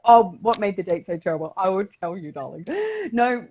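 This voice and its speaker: Bubbly South Australian woman with husky voice. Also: on the low side, normal speed, dull audio. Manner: bubbly, laughs often, chatty storytelling. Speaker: podcast co-host. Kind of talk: casual chat.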